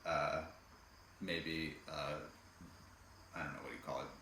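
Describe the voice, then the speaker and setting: A man co-hosting a casual podcast, chatting in a relaxed way with plenty of fillers. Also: a bass voice, a little slow. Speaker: podcast co-host. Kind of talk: casual chat. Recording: echoey room, faint noise.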